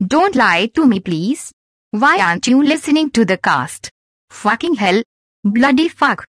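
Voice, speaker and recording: A man putting on a shrill, furious shrieking voice that yells crude curses, heard from a little off the mic. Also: big pitch swings, measured pace, no echo, clean studio sound, exaggerated voice. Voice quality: high-pitched and shrieking.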